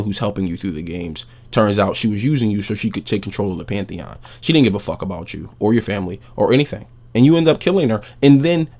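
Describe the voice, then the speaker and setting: A man hosting a podcast, recapping a game's story in a casual, profane, animated way. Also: on the low side. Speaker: podcast host.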